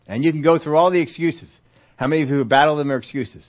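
A man preaching a sermon in an easy, conversational tone, with a voice that sits a little high for a man. He often puts questions to the congregation. The recording sounds dull and lo-fi. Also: fast talker. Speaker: pastor.

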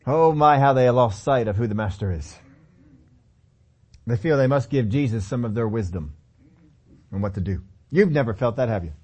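A man's voice: medium pitch, lively intonation, moderate pace, long pauses, a little mellow, slightly rough. A man preaching a sermon, telling the story with humor, acting out the characters and asking the audience questions. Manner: laughs often and asks the audience questions.

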